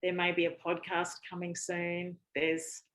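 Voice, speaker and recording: A woman's voice: on the low side, monotone, unhurried, a bit bright, low-quality recording. A woman from Australia with an Australian accent, a podcast guest talking in a chatty, frank way with lots of fillers. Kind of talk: casual interview chat.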